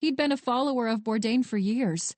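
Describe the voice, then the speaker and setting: A woman narrating a romance audiobook in an even, measured storytelling voice. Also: fairly high pitch, dry recording.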